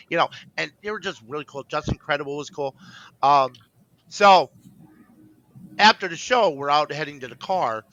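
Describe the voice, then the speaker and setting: A man's voice: mid-range voice, pushed and bright, dry recording, poor audio. A man co-hosting a podcast, telling a rambling story in casual chat, full of fillers and restarts and acting out the voices he quotes. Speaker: podcast co-host.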